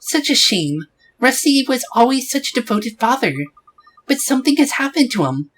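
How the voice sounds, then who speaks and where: A man's voice: extremely high pitch, big pitch swings, normal speed, a bit bright, a little hiss or hum, pitched above the performer's own voice, heavily acted, poor audio. A man voicing a fussy, gossipy old woman neighbor who chatters on sympathetically, in a game playthrough.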